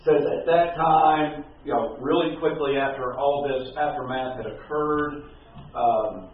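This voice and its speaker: A man teaching a Bible class in a conversational, halting way, full of fillers and restarts. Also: medium pitch, steady tone, a little hiss or hum. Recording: distant, very echoey, phone-like room recording.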